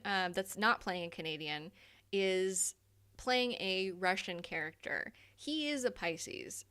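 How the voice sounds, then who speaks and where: A woman's voice: mid-range voice, a bit bright. Young adult woman, live stream host, casual chat, laughs a lot, swears freely.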